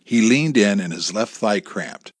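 A man narrating a thriller audiobook with expressive storytelling, close to the mic. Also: lowish voice, unhurried, husky, no room sound.

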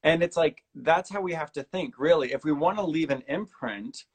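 A male podcast host with a slightly raised voice talks in an earnest, rambling way. He is casual and animated and breaks into quick impressions of other people. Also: slightly rough. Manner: animated, imitates others with big pitch jumps. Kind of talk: casual conversational interview.

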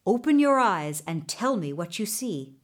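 A woman voicing a wise magical male talking horse in a storybook reading, speaking calmly and reassuringly. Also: medium pitch, measured pace. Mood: calm guiding.

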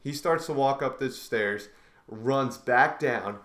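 A young man co-hosting a podcast, telling a story in casual chat, animated and swearing freely. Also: medium pitch, slow. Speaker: podcast co-host. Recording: echoey room.

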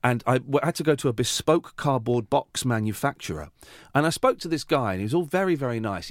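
A middle-aged man chatting in a podcast interview, his pitch rising and falling a lot as he talks. He tells his stories haltingly, stopping and restarting his sentences. The sound is dry and close to the mic, with no room around it. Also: very animated, dry recording. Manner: hesitant, halting storyteller with many restarts. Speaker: radio host, podcast guest. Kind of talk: casual conversational interview.

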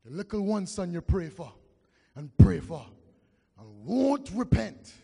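High, gravelly preacher with hall echo. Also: male voice, sing-song, mellow. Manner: impassioned, drawn-out preaching with call-and-response. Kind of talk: sermon. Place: church. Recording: long reverb of a church hall.

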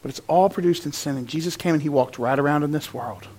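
High-voiced preacher with dynamic swings. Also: male voice, fast talker. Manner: animated, swings from loud to hushed, acts out quotes. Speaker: pastor. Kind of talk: sermon.

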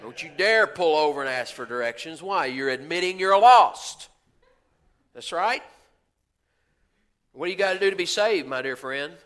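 Male pastor, folksy sermon delivery, higher bright voice, acts out quoted voices. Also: lively intonation, normal speed, pauses often. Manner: folksy, preaching with rhetorical questions and asides.

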